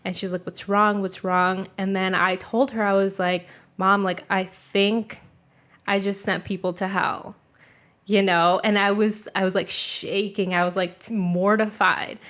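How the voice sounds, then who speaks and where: A woman's voice: mid-range voice, level tone, measured pace, a bit bright. A young adult woman telling a story in casual chat, filled with "like" and casual swearing.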